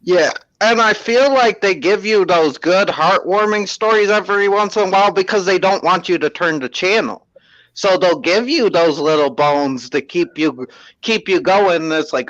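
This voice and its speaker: A man's voice: high voice, expressive, moderate pace, fairly bright tone, no room sound, highs cut off. A man in casual stream chat, talking animatedly and swearing, mimicking the way newsreaders speak.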